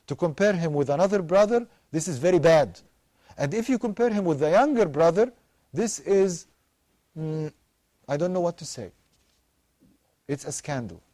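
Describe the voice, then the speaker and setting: A man's voice: fairly high pitch, dark tone, no room sound. A man hosting a live family counseling show, giving emphatic advice to parents and repeating words for stress.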